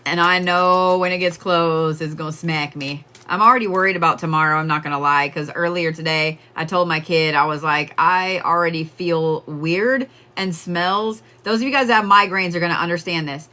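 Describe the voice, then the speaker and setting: A woman's voice: sits low, fairly quick, few pauses, sharp tone. A woman giving casual psychic readings on a livestream, chatting with viewers and laughing often.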